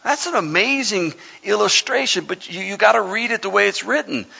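Male preacher, sermon, bright gravelly voice, dull lo-fi hall recording. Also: high voice, fairly quick. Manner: fervent, builds to hollering, folksy asides. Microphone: microphone. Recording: reverberant hall, dull lo-fi sound.

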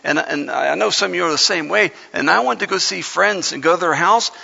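A man's voice: high-pitched, brisk, gravelly, bright, forceful tone, husky. A man preaching a sermon in church into a microphone, fervent and folksy, building up to hollering. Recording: reverberant hall, dull lo-fi sound.

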